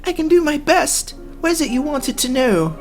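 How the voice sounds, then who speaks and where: Guy doing a squeaky bubbly rich girl for a game, super high, bouncy, faint music behind. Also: expressive, normal speed. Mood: chirpy. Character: young noble girl, cheerful and naive.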